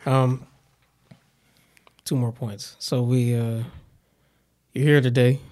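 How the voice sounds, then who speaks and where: A man hosting an interview, asking questions in a hesitant, halting way. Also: medium pitch, level tone, darkish tone. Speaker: host.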